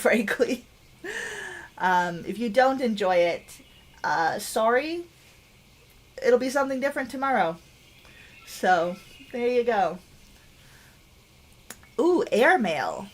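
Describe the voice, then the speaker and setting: A woman's voice: medium pitch, expressive, unhurried, pauses often. A woman giving casual, chatty gameplay commentary, giggly and self-deprecating, reading the on-screen text aloud. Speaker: game streamer.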